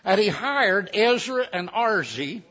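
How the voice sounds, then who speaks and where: Bright, husky storyteller man. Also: high-pitched, very animated, slow pace. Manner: folksy, chatty asides to listeners. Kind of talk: folksy storytelling to a live audience. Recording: dull lo-fi recording.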